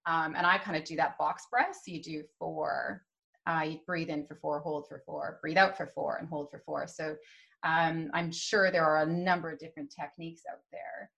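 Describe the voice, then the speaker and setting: A woman's voice: sits low, fairly even intonation, moderate pace, vocal fry, a bit bright, dull audio. A woman hosting an interview, chatty and loose, with many fillers. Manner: chatty, many ums and you-knows. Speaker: podcast host interviewing a chiropractor. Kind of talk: casual interview chat.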